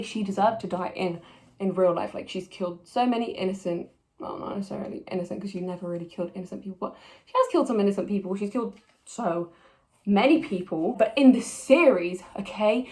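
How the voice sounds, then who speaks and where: A young woman vlogger giving a passionate, heated review, swearing a lot and restarting her sentences, recorded on a poor mic. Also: mid-range voice. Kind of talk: ranting casual review. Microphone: poor-quality mic. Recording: echoey room, poor mic.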